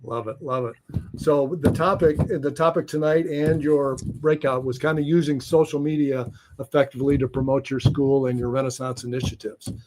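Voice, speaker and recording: A man's voice: mid-range voice, fairly even intonation, moderate pace, darkish tone, slight background noise. A man from Michigan hosting a live webinar interview over a video call, upbeat and effusive with praise. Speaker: host.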